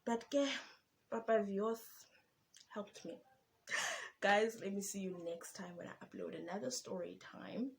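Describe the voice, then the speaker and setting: A young woman with a Xhosa South African accent telling a personal story in a vlog, animated and switching between English and Xhosa. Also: mid-range voice, a little slow, vocal fry, pauses often, a little hiss or hum. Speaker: vlogger.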